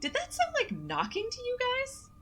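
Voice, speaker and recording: A woman putting on an upbeat young ghost-hunter girl from a game, her voice bouncing high and low as she gushes over haunted mines. She sounds gleeful and chipper, with faint music beneath. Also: huge pitch swings, normal speed, fairly bright tone, exaggerated voice. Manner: chipper, gleeful about spooky things.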